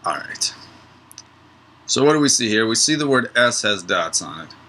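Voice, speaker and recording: A man teaching a relaxed, digressive Torah study lesson. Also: on the low side, normal speed, rough recording. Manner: relaxed, digressive, tells a joke mid-lesson.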